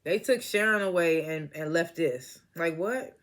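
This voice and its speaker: A man's voice: a little high, measured pace, fairly bright tone. A man casually recapping a TV episode, laughing often and acting out the characters' lines, and he says he is stoned. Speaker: TV episode reviewer.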